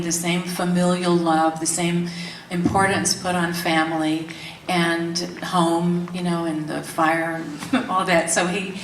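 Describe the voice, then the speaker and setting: Low-voiced woman telling a story. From Tennessee, US. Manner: animated, laughs often, acts out quotes. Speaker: interviewee. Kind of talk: candid storytelling interview. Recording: roomy, distant mic, faint background hiss.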